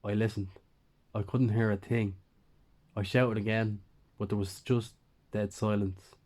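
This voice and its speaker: A man narrates a first-person horror story with a lowish voice. His telling is plain and conversational, like someone recounting events to a friend. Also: steady tone, unhurried, long pauses, a little mellow.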